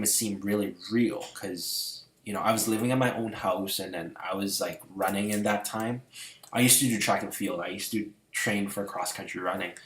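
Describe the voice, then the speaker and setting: A man casually telling stories about his dreams to camera, rambling with many fillers and swinging between hushed and loud. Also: fairly low pitch, roomy sound. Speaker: vlogger. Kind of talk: casual storytelling.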